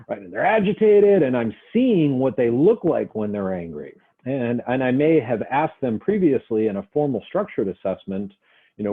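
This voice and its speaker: A man's voice: medium pitch, animated, fairly quick, breathy edge. A male instructor giving a conversational lecture, acting out short example dialogues as he teaches. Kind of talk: recorded lecture. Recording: tinny phone-like audio.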